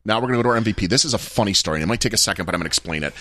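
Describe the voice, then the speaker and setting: A man's voice: on the low side, expressive, rapid-fire, sharp tone, dry recording. A man co-hosting a casual league podcast, telling stories in a wry, teasing way. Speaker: podcast co-host. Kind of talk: casual chat.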